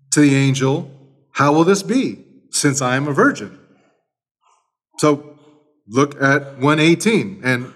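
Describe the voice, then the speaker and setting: Emphatic man preaching a sermon. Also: mid-range voice. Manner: emphatic preaching with lively shifts in loudness; repeats key phrases for emphasis. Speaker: pastor. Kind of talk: expository sermon.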